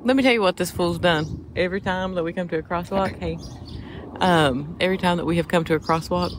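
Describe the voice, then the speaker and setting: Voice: mid-range voice, brisk, noisy background. A podcast co-host bantering outdoors in a city park, dry and scolding in tone.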